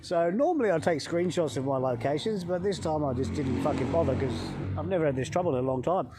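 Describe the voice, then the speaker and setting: A middle-aged man from England, a health coach vlogger telling a travel story in a swearing, animated way, talking into a phone outdoors by a hotel pool. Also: a little high, fast, noisy background.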